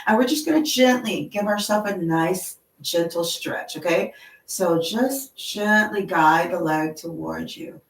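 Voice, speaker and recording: Soft-spoken woman leading a yoga class. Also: lowish voice, echoey room, recorded from a distance, poor audio. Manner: slow, gentle and encouraging, with frequent "okay?". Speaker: yoga instructor. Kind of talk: guided yoga class instruction. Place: yoga studio.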